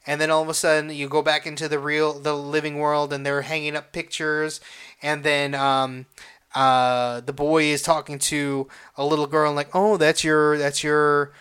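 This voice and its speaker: A man hosting a casual solo podcast, retelling a movie with heavy swearing and halting restarts, emotional and excitable. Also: a little high, clean tone. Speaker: podcast host.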